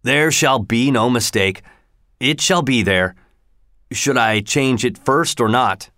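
A man voicing a fierce, gruff elderly horse trainer who blusters and then pleads, in a dry-sounding recording. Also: medium pitch, slow, bright, forceful tone, no room sound. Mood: pleading.

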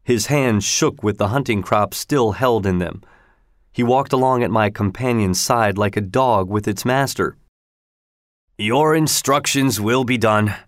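A man's voice: fairly low pitch, moderate pace, no room sound. Man reading a story aloud, dry sound. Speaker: narrator. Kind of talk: scripted narration, audiobook.

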